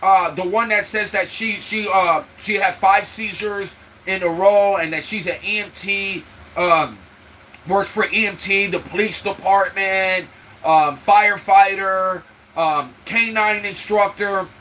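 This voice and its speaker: High, bright-voiced man venting on a live stream. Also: fairly even intonation, unhurried, slight background noise, low-quality recording. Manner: emotional, venting, talks straight to viewers. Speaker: livestream host. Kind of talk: casual livestream chat. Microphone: own microphone for the live stream.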